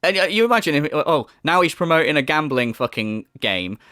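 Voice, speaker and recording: A man rants through a commentary video, sarcastic and sweary. His voice sits a little high and jumps around in pitch, and the sound is dry and close. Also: lively intonation, brisk, bright, forceful tone, no echo. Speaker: commentary YouTuber. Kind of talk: ranting commentary.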